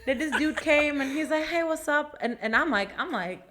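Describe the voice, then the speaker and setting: A young woman chats casually as a podcast co-host, acting out dialogue as she tells a story. Her voice sits a little high, and she swears freely. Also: normal speed, noisy background.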